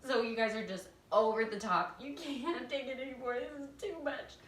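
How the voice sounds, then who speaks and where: A woman's voice: on the high side, moderate pace, fairly bright tone. A woman theater teacher giving casual, enthusiastic stage directions, laughing often. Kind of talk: casual instructional talk. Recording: roomy echo, distant from mic.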